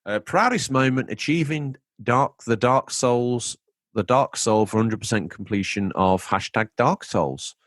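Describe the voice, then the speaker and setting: A man co-hosting a gaming podcast, reading out listener messages in a jokey, lively way. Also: mid-range voice, a little slow, dry recording. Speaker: podcast co-host. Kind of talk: casual chat.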